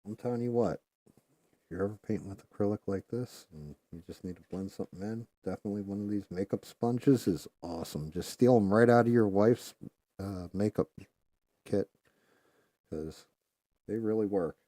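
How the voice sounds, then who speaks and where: A man with a lowish voice hosts a live stream, speaking at a moderate pace with no room sound. He tells a loose, profane story packed with filler words while painting, getting animated whenever he quotes other people.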